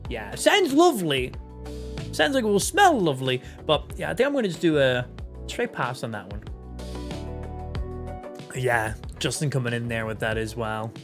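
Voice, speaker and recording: A man's voice: medium pitch, very animated, moderate pace, long pauses, over music. A young Irish man in his twenties chatting casually on a live stream, swearing freely and reacting to chat. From Ireland. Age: 20s. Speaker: gaming streamer.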